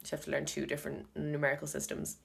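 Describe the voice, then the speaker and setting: An Irish woman talks casually to her vlog audience in a low, unhurried voice. She thinks aloud as she goes and repeats words over and over to practise them. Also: monotone, creaky, breathy edge. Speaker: video blogger learning Korean.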